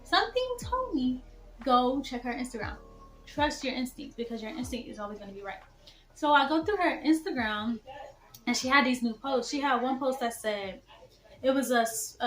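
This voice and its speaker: A teenage girl vlogger recounts a personal story in an emphatic, animated way, calling out to her viewers. Her voice sits a little high, and the room around her rings with echo. Music plays clearly behind her. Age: teens. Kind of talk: storytime vlog.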